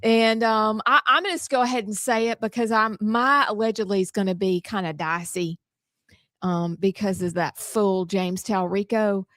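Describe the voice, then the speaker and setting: A woman's voice: medium pitch, steady tone, normal speed, a bit bright, dry recording, clean studio sound. A middle-aged woman hosting a show, chatting playfully with her co-host. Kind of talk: casual chat.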